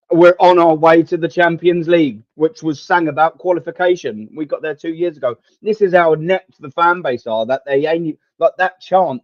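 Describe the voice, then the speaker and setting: A man's voice: on the high side, no echo. A young man hosting a live football watchalong, ranting to his chat in an exasperated, sweary, rambling way. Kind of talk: live match watchalong commentary and rant. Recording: dull, lo-fi dry home mic.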